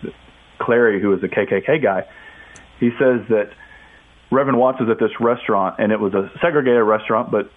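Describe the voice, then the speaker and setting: A man guest on a radio interview, telling a story in a casual, animated way and acting out the quotes. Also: lowish voice, brisk, long pauses. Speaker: author and guest. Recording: tinny phone line.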